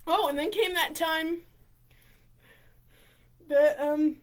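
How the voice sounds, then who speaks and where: Giggly, high-voiced rambling woman. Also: slow pace. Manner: excitable, rambling, giggly, full of restarts. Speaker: vlogger. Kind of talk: casual storytelling.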